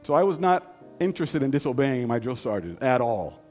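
A man's voice: mid-range voice, big pitch swings, a little mellow, faint music behind. Folksy man telling a story in a reverberant hall. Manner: folksy, conversational, dramatic pauses. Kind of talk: live personal storytelling.

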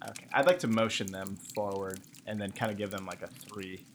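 A man's voice: on the low side, fairly even intonation, brisk, fairly bright tone. A man playing a tabletop game, hesitant and restarting his phrases. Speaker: player. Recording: faint background noise.

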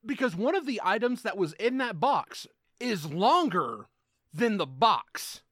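A man co-hosting a casual podcast chat, ranting in an animated, profane way. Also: high-pitched, measured pace, no room sound, clean studio sound. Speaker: podcast co-host.

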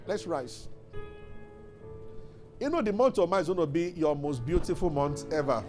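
A man's voice: high voice, expressive, normal speed, darkish tone, faint music behind. A man preaching a fervent sermon as pastor, building to emphatic declarations.

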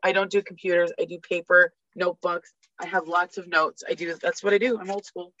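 A woman's voice: fairly low pitch, little pitch movement, brisk, a bit bright. A woman talking sports as a podcast guest, ranting with energy and reeling off statistics. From Canada. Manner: fired-up ranting, rattling off stats. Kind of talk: casual sports chat. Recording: dull lo-fi dry recording.

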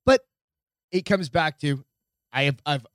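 A man's voice: a little high, measured pace, a bit bright, no echo, studio quality. A man co-hosting a casual podcast with his wife, self-mocking, swearing and rambling. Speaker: podcast co-host. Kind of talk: casual chat.

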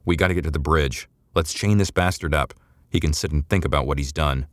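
A man voicing a gruff, weary starship captain. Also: rumbling low, fairly quick, no room sound, clean studio sound. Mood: grumbling.

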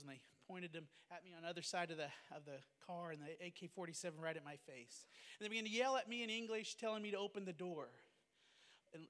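High-voiced pastor telling his testimony. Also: a bit bright, in a large hall. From United States. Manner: earnest, fervent, emotional. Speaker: pastor and missionary. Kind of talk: personal testimony storytelling.

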